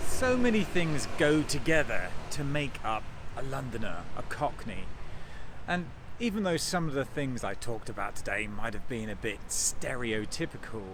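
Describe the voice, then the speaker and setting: Chatty man vlogging over loud noise. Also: medium pitch. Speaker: vlogger host. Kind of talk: casual vlog chat.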